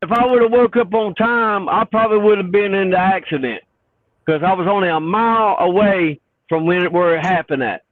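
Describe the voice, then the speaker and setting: A man's voice: high-pitched, a little fast, no echo. A man with a Southern US accent, a truck driver calling in, telling an earnest story in casual chat. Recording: tinny phone line.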